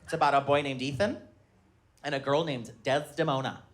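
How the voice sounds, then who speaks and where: A man in his thirties doing a high-energy stand-up comedy set on a live stage, shouting his punchlines. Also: fairly even intonation, brisk. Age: 30s. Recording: live room with audience laughter.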